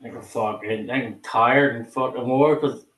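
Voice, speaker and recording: A man's voice: medium pitch, fairly even intonation, measured pace, fairly bright tone, roomy sound, a little hiss or hum. A man chatting casually on a group video call, swearing freely and sounding tired and restless. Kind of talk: casual chat.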